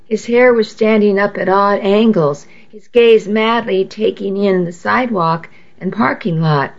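A woman's voice: mid-range voice, measured pace, lo-fi sound. A woman narrating a novel in the first person with an intimate, confessional reading. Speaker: audiobook narrator.

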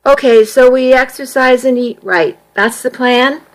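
Uma mulher dando voz a um garoto adolescente tranquilo e brincalhão, que fala de forma direta e sem pressa. A voz é um pouco aguda para um rapaz, e o ritmo é lento. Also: female voice, sits high, unhurried, pitched above the performer's own voice, poor audio. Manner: calm, matter-of-fact. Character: teenage boy, easygoing, teasing best friend.

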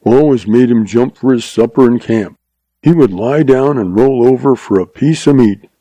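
A quick-witted young cowboy spinning a tall tale with folksy ease, voiced by a male narrator. The voice is warm and mellow. It sounds close and dry, like a storybook reading. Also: mid-range voice, no room sound, lightly acted. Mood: defensive. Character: young cowboy, sly and smooth-talking.

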